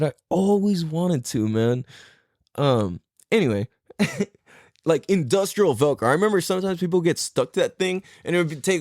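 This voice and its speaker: Animated man telling a story. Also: a little high, moderate pace, no room sound, clean studio sound. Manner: profane, laughing, animated retelling. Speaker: podcast host. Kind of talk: casual storytelling monologue.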